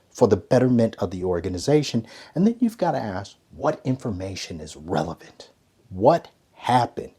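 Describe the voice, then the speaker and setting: A man giving a motivational leadership lesson, emphatic and conversational, swinging between loud stresses and hushed asides. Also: fairly low pitch, breathy edge. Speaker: ethics and leadership coach. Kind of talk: motivational teaching talk.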